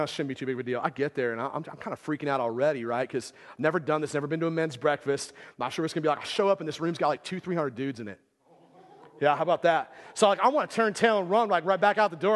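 A man's voice: fairly high pitch, rapid-fire. A man preaching a sermon in a casual storytelling way, full of fillers and "right?" asides. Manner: conversational, filler-heavy, keeps asking "right?". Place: church hall. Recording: long hall reverb.

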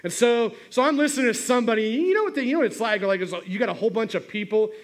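Middle-aged male pastor with a high voice, telling a self-mocking story from the pulpit. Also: racing. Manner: humorous storytelling with many restarts. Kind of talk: sermon with a personal story.

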